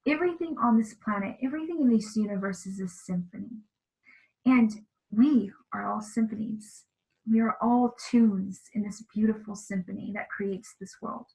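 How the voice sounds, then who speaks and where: A woman's voice: medium pitch, moderate pace, vocal fry, a little mellow, poor audio. A woman speaking as an interview guest, telling of spiritual experiences in an earnest, emotional way. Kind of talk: casual interview talk about spiritual experiences.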